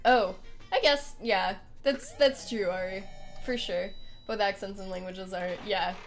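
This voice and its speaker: Young woman streamer, unhurried, chatty and giggly, faint game music behind. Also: medium pitch, animated. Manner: chatty and giggly, greeting viewers between laughs. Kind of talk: casual live-stream chat during a game playthrough.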